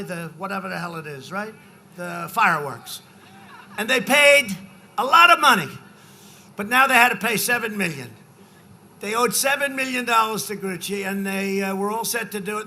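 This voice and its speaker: Older man in his 70s at a rally podium, high-ish sharp voice, rambling and repeating himself, yelling numbers now and then. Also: slight background noise. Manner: rambling, repetitive, conversational asides to the crowd; swings into shouted emphasis on numbers. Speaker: politician addressing a rally. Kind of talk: off-the-cuff campaign rally speech. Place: large political rally.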